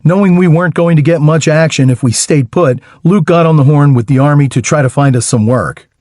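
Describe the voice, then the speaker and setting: A man narrating a first-person audiobook in a wry, lively storytelling manner with dry humor. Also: on the high side, a little fast, no room sound.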